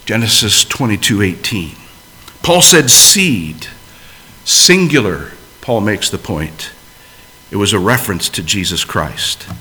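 Bright-voiced male preacher, expressive delivery. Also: lowish voice, slow pace. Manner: expressive, shifts from loud emphasis to hushed asides. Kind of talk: sermon.

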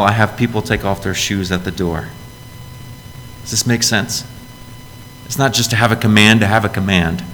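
A man with a lowish voice preaches a sermon in a church, earnest and direct, often asking his listeners questions. His words ring out with a long reverb, over a faint low rumble. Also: fairly bright tone. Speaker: pastor.

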